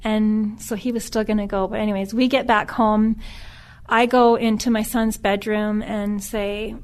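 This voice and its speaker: Earnest middle-aged woman, halting telling. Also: mid-range voice, flat delivery, a little mellow. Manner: halting, with frequent restarts. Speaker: podcast guest. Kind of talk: personal storytelling.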